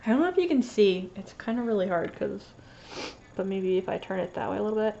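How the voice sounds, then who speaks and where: A woman talks through her stitching finishes in a loose, rambling chat, circling back with fillers and restarts. A slight lisp softens her S sounds, and her voice sits at an ordinary middle pitch. The home recording is dull and lo-fi. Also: animated, fast, vocal fry, slight background noise. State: sniffly after sneezing. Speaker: cross-stitch vlogger. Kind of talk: casual show-and-tell chat.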